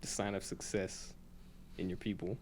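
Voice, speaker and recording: A man's voice: deep voice, flat delivery, normal speed, darkish tone, a little hiss or hum. A young man from the United States co-hosting a casual podcast, rambling and repeating himself with lots of "like". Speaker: podcast co-host. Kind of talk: casual stoner chat.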